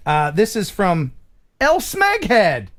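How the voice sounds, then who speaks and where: A man's voice: high-pitched, wildly swooping pitch, slow pace, a bit bright. A man from the USA hosting a casual live stream chat, joking, laughing often and slipping into playful impressions.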